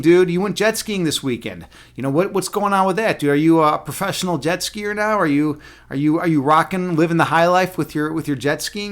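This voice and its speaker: A young man streaming live, rambling casually with lots of fillers and swearing. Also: on the high side.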